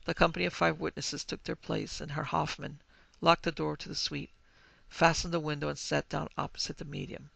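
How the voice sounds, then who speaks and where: A male podcast host with a very gravelly, fairly high voice, narrating a ghost story in an even, measured way. His pitch stays flat, and the recording is dry and close to the mic. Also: no room sound.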